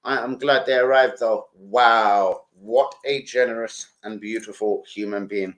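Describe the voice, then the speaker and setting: An older man, chatting casually on a live stream, shouting out to viewers and swearing freely. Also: lowish voice, fairly even intonation, unhurried.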